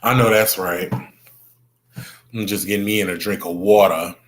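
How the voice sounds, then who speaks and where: A man's voice: sits low, fairly even intonation, normal speed. A young man hosting a casual livestream, chatting with viewers, greeting them by name and gossiping about the news. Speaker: livestream host.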